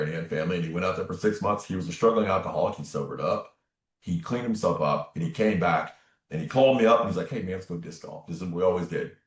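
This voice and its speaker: Man, very low voice, earnest casual storytelling, interview guest, echoey room. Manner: earnest, casual, often says "man" and "right?". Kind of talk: personal storytelling in conversation.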